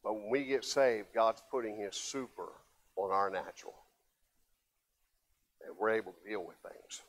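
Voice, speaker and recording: An older man, a pastor, preaching a sermon, swinging from loud emphatic passages to low quiet asides.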